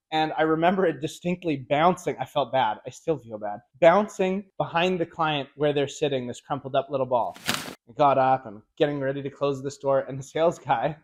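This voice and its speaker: A middle-aged man with a slightly raised pitch teaches car sales in a casual, lively way. He tells stories and acts out dealership dialogue as he goes. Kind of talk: casual instructional talk.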